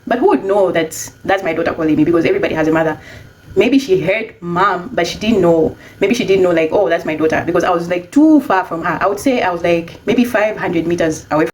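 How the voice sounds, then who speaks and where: Woman, rapid chatty storytelling, lowish voice, light hiss behind. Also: low-quality recording. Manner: chatty, animated when quoting herself. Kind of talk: casual storytime monologue.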